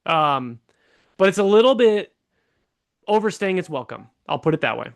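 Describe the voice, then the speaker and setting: High-voiced male congressional candidate. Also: very animated, moderate pace, gravelly. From California. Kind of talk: podcast interview.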